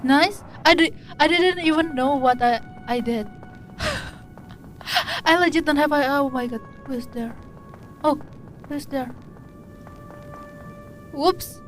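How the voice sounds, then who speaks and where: A woman's voice: high voice, lively intonation, takes it slowly, long pauses, soft background music. A woman streamer giving casual gameplay commentary, jumpy and giggly, easily startled.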